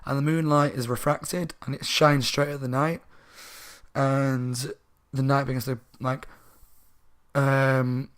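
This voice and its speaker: A man with a sore throat casually retelling a book plot as a reviewer, rambling and animated. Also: medium pitch, slow, pauses often, clean tone. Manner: rambling, animated, laughing asides.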